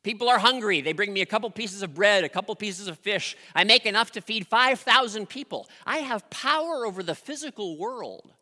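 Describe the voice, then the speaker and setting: A preacher speaking as Jesus, a calm, commanding grown man, in an earnest, reassuring way. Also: mid-range voice, a little fast, hardly any pauses. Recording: long reverb of a large hall.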